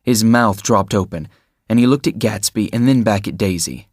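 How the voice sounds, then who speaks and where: A man narrating an audiobook in a steady, measured storytelling manner on a close mic. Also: fairly low pitch, dry recording. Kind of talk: scripted narration.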